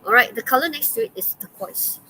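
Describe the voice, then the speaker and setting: A woman's voice: high voice, sing-song, brisk, bright, forceful tone, a little hiss or hum, poor audio. A woman with a Malaysian English accent teaching an online English class, chatty and full of okays and fillers. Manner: chatty, many okays and fillers, laughs often.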